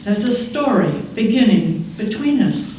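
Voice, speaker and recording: A woman in her eighties giving a reflective keynote speech in a measured, aphoristic way, in a large conference hall. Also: on the high side, expressive, dark tone. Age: 80s. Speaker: keynote speaker. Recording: echoey hall, distant mic, faint noise.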